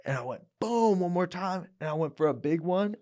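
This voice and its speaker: A young man on a podcast who tells his story in a casual, animated way and acts out the voices of the people in it. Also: high-pitched, normal speed. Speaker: guest, fighter. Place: podcast studio.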